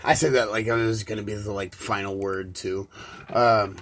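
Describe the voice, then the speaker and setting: A man hosting a solo live podcast, ranting in a rambling, profane way, swinging from loud outbursts to low mumbles. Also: fairly even intonation, moderate pace, slight background noise. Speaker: podcast host.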